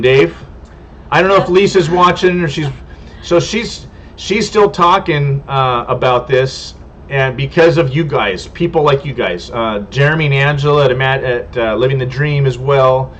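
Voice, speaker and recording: A man's voice: mid-range voice, measured pace, fairly bright tone, a little hiss or hum. A man from California hosting a casual homestead livestream, chatting with viewers in a rambling, friendly way that stumbles over names. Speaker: homestead channel host. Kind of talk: casual livestream chat, reading viewer comments. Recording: dull lo-fi stream audio.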